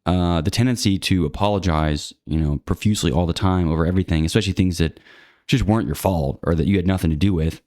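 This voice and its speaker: A man with a low, deep voice talks through his opinions in a loose, rambling monologue. He restarts sentences, leans on fillers, and turns blunt when something annoys him. The sound is dry and close, with no room around it. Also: quick pace, a little mellow, no room sound. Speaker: channel host. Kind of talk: casual monologue to camera.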